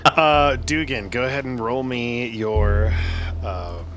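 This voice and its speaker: A man's voice: medium pitch, takes it slowly. Man running a tabletop game. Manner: relaxed, explains rules patiently. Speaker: game master.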